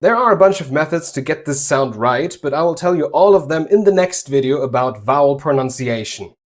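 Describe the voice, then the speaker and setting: This is a native German speaker leading a scripted pronunciation lesson. The delivery is animated, with pitch swinging widely, and it slows down to model each sound clearly. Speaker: language teacher.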